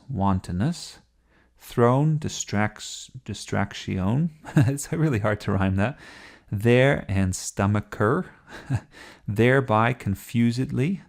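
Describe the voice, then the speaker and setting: Low gravelly-voiced man explaining a poem. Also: darkish tone. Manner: conversational, asks rhetorical questions, occasional laughs. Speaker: literature teacher. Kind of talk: explanatory lecture.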